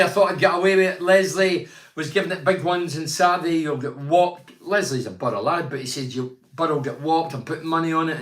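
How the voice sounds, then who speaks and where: A man's voice: on the high side, fairly bright tone, reverberant. An older man from Teesside, hosting a casual chat show, reads out viewer comments and gives blunt, rambling opinions. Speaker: host reading viewer comments.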